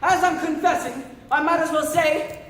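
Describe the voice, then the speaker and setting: Vrouw speelt preutse mannelijke dominee. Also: female voice, high-pitched, steady tone, normal speed, a bit bright. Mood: confessing. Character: prim fussy male rector. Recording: very echoey room, faint noise.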